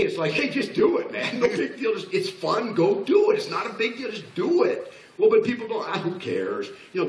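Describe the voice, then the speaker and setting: A man giving a motivational business presentation to a live audience, talking in an animated way with frequent restarts and acted-out replies. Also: on the high side, slight background noise. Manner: animated, repeats and restarts, acts out people's replies. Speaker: business coach speaker. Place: large room before a live audience. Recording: echoey room from far off.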